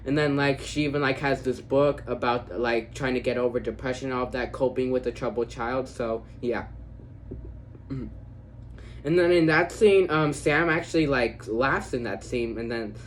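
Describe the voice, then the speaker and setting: Guy rambling through a movie review, tons of "like" and "so yeah", mid-pitched voice, keeps restarting. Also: a little hiss or hum, poor audio. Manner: rambling, filler-heavy with frequent "like" and "so, yeah"; halting, with many restarts and pauses to think. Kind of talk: casual unscripted movie review.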